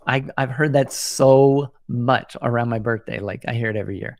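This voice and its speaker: A man's voice: medium pitch, brisk, few pauses, no room sound, studio quality. A man in his forties hosting a solo podcast, talking in an earnest, reflective way and often restarting his sentences. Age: 40s. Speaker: podcast host.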